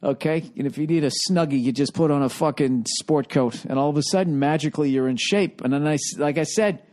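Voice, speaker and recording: A man's voice: fairly high pitch, brisk, darkish tone. A middle-aged man hosting a podcast, telling a rambling, swear-filled comic story with sarcastic exasperation. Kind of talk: casual comedic monologue.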